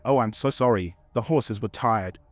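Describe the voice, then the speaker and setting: Guy reading death as a shy sweet girl, soft and earnest, low dry voice, bedtime storybook. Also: normal speed, no echo, natural voice. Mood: apologetic.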